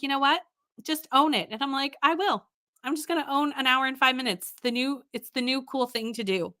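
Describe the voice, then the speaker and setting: A woman's voice: sits high, bright, forceful tone. A woman hosting a casual livestream, tired but bubbly, laughing often as she reads out viewer comments and greets people. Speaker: livestream host.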